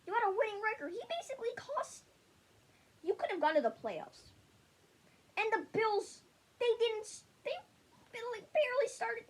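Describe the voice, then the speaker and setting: A woman's voice: very high-pitched, lively intonation, moderate pace. A woman giving a casual sports opinion rant, blunt and rambling, who often stumbles and restarts her sentences. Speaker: sports vlogger.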